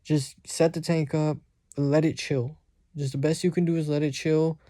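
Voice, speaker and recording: A man's voice: on the high side, level tone, normal speed, dark tone, dry recording, clean studio sound. A young man vlogging about pet care in a rambling, slangy way, often laughing. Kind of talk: casual vlog chat.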